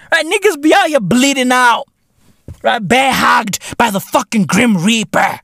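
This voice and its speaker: A man's voice: sits high, no room sound, clean studio sound. A man hosting a podcast, ranting in a profane, comedic way and peppering his talk with "right?". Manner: animated, profane, keeps asking "right?". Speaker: podcast host.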